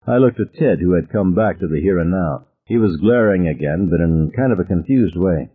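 A man narrating a novel in the first person, vivid and expressive. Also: sits low, moderate pace, slightly rough. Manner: vivid first-person storytelling, voices characters. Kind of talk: audiobook narration. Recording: narrow phone-like audio.

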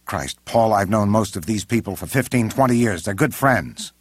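A man's voice: on the low side, expressive, moderate pace, no echo, pitched above the performer's own voice. A man doing a brusque older president. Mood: indignant. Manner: brusque, raised voice, exasperated. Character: irritable older male president, commanding.

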